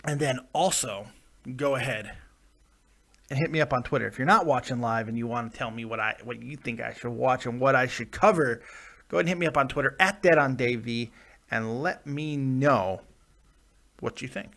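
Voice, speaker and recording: A man's voice: mid-range voice, normal speed, vocal fry, fairly bright tone. A man hosting a wrestling preview stream, rambling and joking as he talks straight to his viewers. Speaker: wrestling vlogger. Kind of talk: casual live-stream commentary.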